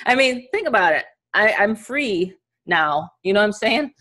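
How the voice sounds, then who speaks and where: Hosting a live online business training over a video call, a middle-aged New York woman chats energetically and laughs a lot. She speaks at a medium pitch and a normal speed.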